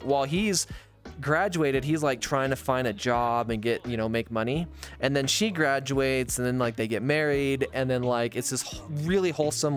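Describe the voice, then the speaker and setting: A male streamer chatting casually while gaming, telling a long rambling story and tagging his sentences with "right?". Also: mid-range voice.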